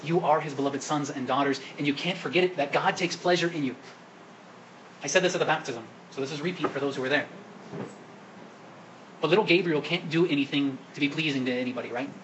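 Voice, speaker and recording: A man's voice: a little high, fairly quick, fairly bright tone, dull audio, a little hiss or hum. A man preaching a sermon at Mass as the priest, asking the congregation questions and coaxing them to answer. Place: church during Mass.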